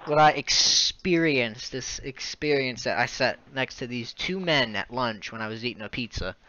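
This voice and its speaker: A man's voice: mid-range voice, lively intonation, normal speed, bright, forceful tone. A young man hosting a casual podcast, telling a rambling story and swearing freely. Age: young adult. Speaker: podcast host. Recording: muffled lo-fi sound.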